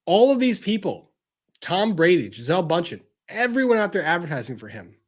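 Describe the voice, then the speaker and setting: Husky guy ranting and cussing, gets loud then drops way down low. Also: very animated, a little fast. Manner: swearing rant, swinging from loud outbursts to low intensity. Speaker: show host. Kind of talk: ranting commentary.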